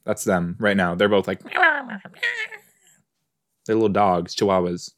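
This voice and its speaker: Slow, low-voiced man reacting to a show. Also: huge pitch swings. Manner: chatty, talks back at the screen. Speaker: podcast host. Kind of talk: casual watch-along commentary.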